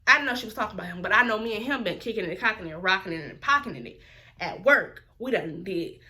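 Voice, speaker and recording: Woman, casual storytime vlog, animated, bright voice. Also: mid-range voice, quick pace. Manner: animated storytelling, quotes others in raised voices. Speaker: vlogger.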